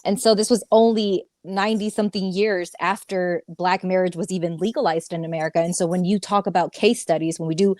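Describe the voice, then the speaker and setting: A woman's voice: fairly low pitch, steady tone, a little fast, few pauses, darkish tone, no echo, studio quality. A woman on a panel explaining research with dates and references, reading from her notes. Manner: informative, cites notes and dates. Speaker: panel guest. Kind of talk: casual panel discussion.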